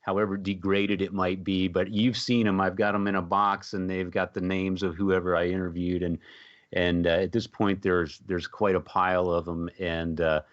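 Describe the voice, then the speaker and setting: Low-voiced, easygoing middle-aged man. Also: normal speed, no room sound. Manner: relaxed storyteller who laughs often. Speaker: podcast co-host and music interviewer. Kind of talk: casual chat. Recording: dull, dry lo-fi sound.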